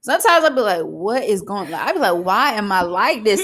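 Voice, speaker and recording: A young woman co-hosting a podcast, chatting casually and bluntly, telling profane, animated stories. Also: medium pitch, a little fast. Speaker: podcast co-host. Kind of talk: casual chat.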